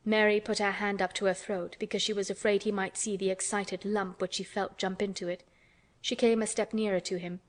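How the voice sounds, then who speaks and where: A woman narrating a classic novel in an audiobook, her voice even and middle-pitched. She reads at a calm, measured pace. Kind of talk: scripted narration.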